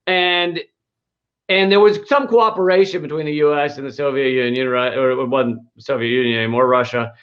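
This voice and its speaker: A man's voice: medium pitch, fairly even intonation, a little fast, fairly bright tone. A man hosting a casual comedic chat, rambling with many fillers, restarts and laughs. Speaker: podcast host. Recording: dull lo-fi sound.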